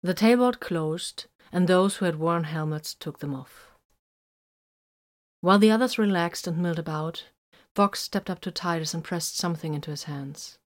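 A woman narrating a story in an audiobook style, measured and even. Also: fairly low pitch. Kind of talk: audiobook narration of fan fiction.

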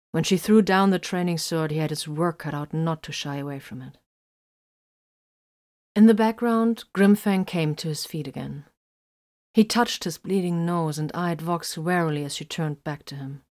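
A woman narrating an action story aloud in a steady storytelling manner. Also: low-pitched, measured pace, long pauses. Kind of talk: audiobook narration.

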